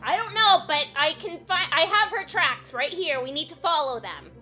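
Woman player, high lively voice, bright, brisk and determined. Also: faint music behind. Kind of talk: casual tabletop play.

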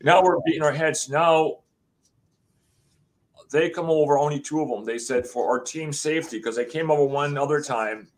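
A man from the USA, a guest on an interview show, telling his story in a rambling, animated way and acting out what people said. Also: a little high, moderate pace. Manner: rambling, acts out quotes, swears.

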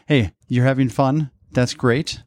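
A man's voice: mid-range voice, steady tone, a little slow, a little mellow, no room sound. A man hosting a casual podcast chat, joking and teasing, rambling a bit as he talks. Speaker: podcast host.

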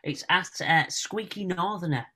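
A man's voice: high-pitched, a little slow, pushed and bright, husky. A man with a Northern English accent, a comedian speaking as a guest in a casual interview, chatty and self-deprecating.

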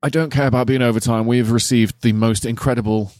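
A man's voice: medium pitch, fairly even intonation, quick pace, darkish tone, no echo, studio quality. A man co-hosting a film podcast, enthusiastic and sweary in casual chat. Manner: sweary, enthusiastic, reads listener email aloud. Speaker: podcast co-host.

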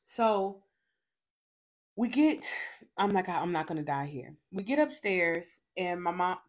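A young woman hosting a faith show, telling a personal testimony in a dramatic, emphatic way with lots of repetition. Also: lowish voice.

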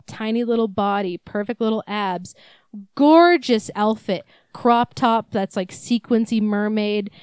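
A woman's voice: medium pitch, clear, resonant tone, dry recording. Rambling young woman storyteller. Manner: rambling, swears freely, animated storytelling. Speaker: podcast co-host. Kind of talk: casual chat.

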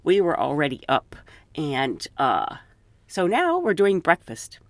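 A woman telling flight stories in a casual, animated way, laughing as she goes. Her pitch rises and falls a lot as she talks. The recording is close and dry, with no room sound. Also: measured pace, no room sound. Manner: animated, laughs often, quotes people in raised voices. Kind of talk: casual storytelling.

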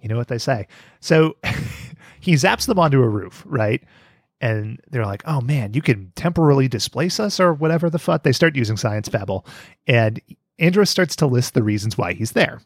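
A man hosting a podcast, recapping an episode in a joking, profane, animated way. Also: medium pitch, normal speed, no room sound, studio quality. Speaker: podcast host. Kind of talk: casual chat recapping an episode.

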